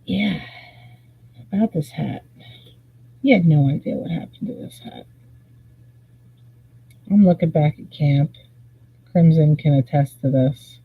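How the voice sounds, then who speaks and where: A host telling a rambling, animated story at a slow, drawn-out pace, with a husky edge to the voice. The sound is thin and tinny, like a phone line. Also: mid-range voice. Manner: rambling, animated, swears freely. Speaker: live stream host. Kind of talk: casual storytelling.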